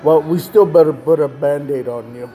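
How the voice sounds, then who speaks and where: A man's voice: fairly high pitch, moderate pace, mellow, a little hiss or hum, natural voice. A man voicing an earnest little girl who plays nurse, bossy and caring.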